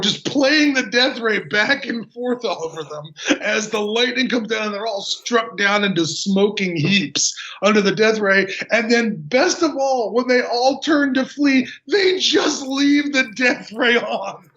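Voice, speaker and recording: Male podcast guest, high-pitched, animated sarcastic delivery, dull lo-fi recording. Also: measured pace, hardly any pauses. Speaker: podcast guest, game designer. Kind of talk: casual film discussion. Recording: dull lo-fi audio.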